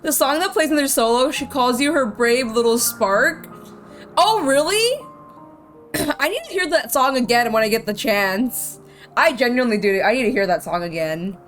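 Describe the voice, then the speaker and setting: A woman's voice: a little high, expressive, normal speed, fairly bright tone. A woman streamer giving casual let's-play commentary, rambling and heartfelt with lots of "like". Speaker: game streamer. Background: faint game music.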